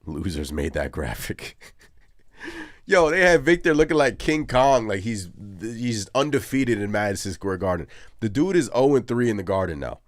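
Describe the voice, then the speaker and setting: An excitable male host of a live postgame show. His fairly low voice leaps up and down in pitch as he rants to his audience. The recording is close and dry, with no room sound. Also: moderate pace, no room sound. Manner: animated, ranting, excitable. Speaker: sports podcast host.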